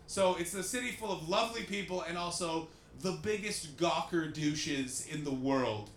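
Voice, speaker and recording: A comedian telling jokey stories to a live audience and acting out the people in them. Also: male voice, a little high, moderate pace, roomy sound, slight background noise. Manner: animated, jokey, acts out the people in his stories. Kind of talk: live podcast storytelling with an audience.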